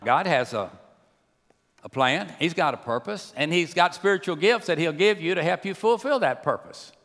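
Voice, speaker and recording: A man preaching a sermon to a church, swinging between hushed and raised delivery. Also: a little high, lively intonation, moderate pace. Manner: preaching with wide swings from soft to loud. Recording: long hall reverb.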